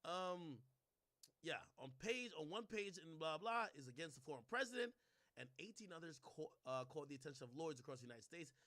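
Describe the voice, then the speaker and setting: Brief: young male streamer, bright edgy tone, mocking rant with lots of swearing. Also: brisk. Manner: animated, mocking, swears freely, swings from low mutters to loud outbursts. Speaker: commentary streamer. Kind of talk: casual ranting commentary.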